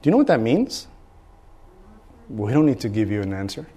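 A man preaching a sermon. He tells a personal story with animated energy and acts out the dialogue in shifting voices. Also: on the low side, fairly quick, pauses often, breathy edge. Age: adult.

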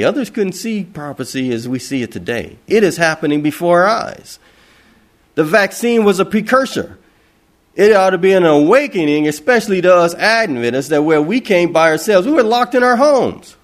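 A man's voice: high voice, sing-song, normal speed. A man preaching an impassioned sermon, asking rhetorical questions and repeating phrases for emphasis.

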